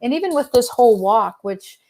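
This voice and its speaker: A woman's voice: on the high side, expressive, a little fast, a little mellow. A woman guest in a casual spiritual conversation, telling her story with enthusiasm and acting out the quotes.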